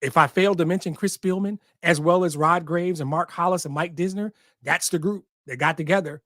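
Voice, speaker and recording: A man's voice: on the high side, fairly quick, fairly bright tone, dry recording, clean studio sound. A man hosting a sports podcast, talking emphatically and repeating short punchy lines, with an occasional curse. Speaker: podcast host. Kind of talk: passionate sports talk.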